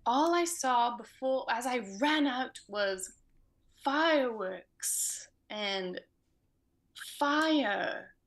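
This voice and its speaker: A woman plays her character in a tabletop game, speaking slowly and genteelly. Her voice sits a little high. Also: expressive. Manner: slow, genteel in-character speech. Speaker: player.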